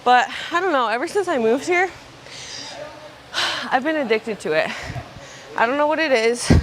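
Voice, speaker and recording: A woman's voice: high voice, expressive, normal speed, fairly bright tone. A young woman casually vlogging her workout at the gym, chatty and loose, dropping "like" and "bro". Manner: chatty, filler-heavy, says "like" and "bro". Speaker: fitness vlogger. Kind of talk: casual vlog chat during a workout.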